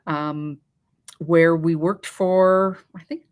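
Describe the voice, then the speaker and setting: A woman hosting a casual chat, talking in a relaxed, easygoing way. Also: on the low side, extremely slow, smooth. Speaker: host.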